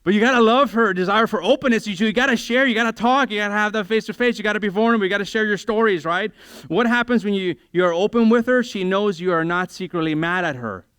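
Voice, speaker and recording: A man preaching a sermon in church, lively and joking, acting out everyday conversations in quick voices. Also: high voice, clean tone, no room sound, studio quality. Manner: animated, acts out conversations in quick voices, self-deprecating humor. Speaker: pastor.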